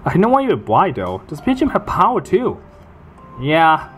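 A man's voice: a little high, huge pitch swings, normal speed, a bit bright, a little hiss or hum. A man giving casual commentary while he plays a video game, often exasperated, swearing and exclaiming at the game. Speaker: let's play gamer.

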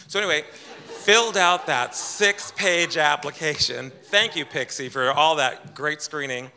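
A man's voice: on the high side, a little slow, sharp tone. A man telling a personal story to a live audience in a chatty, self-deprecating way, acting out what others said. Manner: chatty, self-deprecating, quotes people in his own voice. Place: event room with audience.

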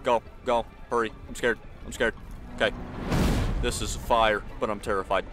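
A man with a lowish, steady voice hosts a gaming channel, delivering casual let's-play commentary at a moderate pace over background music. He's jumpy, talks straight to the screen, yelps in fright often, and drops slang like "bro" and "y'all".

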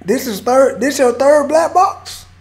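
A man's voice: very high-pitched, lively intonation, unhurried, vocal fry. Slangy young man hyping a rapper. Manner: laid-back slangy hype, calls people bro. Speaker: reaction video host. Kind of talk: casual reaction commentary.

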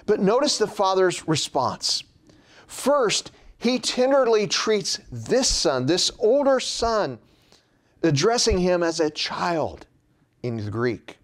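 Man, preacher, sermon, slow measured delivery, fairly high voice, falling phrase endings.

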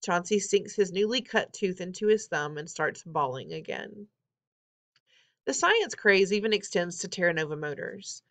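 Brief: female reader, wry expressive first-person novel narration, lowish voice. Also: moderate pace. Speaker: audiobook reader.

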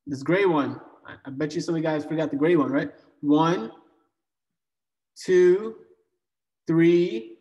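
A male coding bootcamp instructor with a fairly high voice leads a live online class in a loose, joking manner, full of fillers and restarts. His voice rings in an echoey room with a long reverb. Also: darkish tone.

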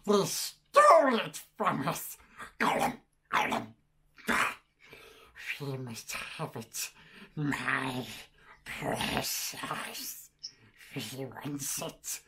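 A wretched cave creature hisses and rasps over a stolen treasure. The voice is throaty and grasping, with low, dragged-out phrases. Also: male voice, very animated, extremely slow, pauses often, sharp tone, exaggerated voice. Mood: hissing, grasping. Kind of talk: prank call impression.

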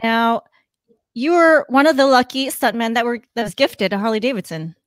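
A woman hosting a casual interview, bubbly and quick to laugh. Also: on the high side, no echo, clean studio sound. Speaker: podcast host.

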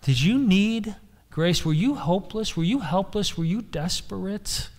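A pastor delivers his sermon in a voice pitched a little above the usual for a man. He presses each point by repeating it and keeps turning questions back on his listeners. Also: animated, a little slow, darkish tone. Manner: emphatic, repeats key phrases, asks the congregation questions.

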